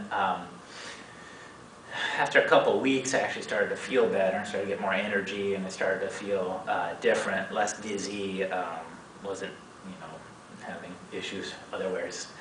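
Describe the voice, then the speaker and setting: A man in his forties telling a personal story to a meeting audience, acting out the other people's lines with sudden pitch jumps. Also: fairly quick, slight background noise. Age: 40s. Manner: animated, acts out quoted voices with big pitch jumps. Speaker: speaker at a meeting. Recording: echoey room, speaker far from mic.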